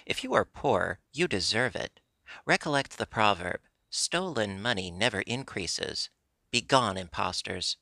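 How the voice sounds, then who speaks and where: A man's voice: fairly low pitch, expressive, unhurried, gravelly, pushed and bright, no room sound, heavily acted. A man voicing an earnest wooden puppet boy, eager and pleading, in a storybook reading. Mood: scornful.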